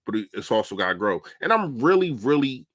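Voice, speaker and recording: A man's voice: mid-range voice, big pitch swings, brisk, fairly bright tone, no room sound. A young man on a casual football livestream, chatting animatedly and answering viewers' comments. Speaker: livestream host. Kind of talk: casual live-stream football talk.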